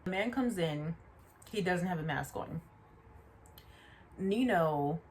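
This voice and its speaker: A woman vlogger telling a story in a casual, animated way, often stopping to remind the viewer of details. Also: on the low side, takes it slowly, pauses often. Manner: animated, chatty, repeats asides to the viewer.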